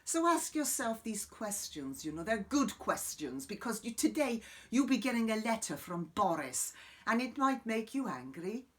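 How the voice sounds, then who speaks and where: A man with a high, very animated voice improvises to camera at a moderate pace, playing an eccentric middle-aged woman guru. Musing and rambling, he swears freely and veers between sudden loud bursts and hushed asides.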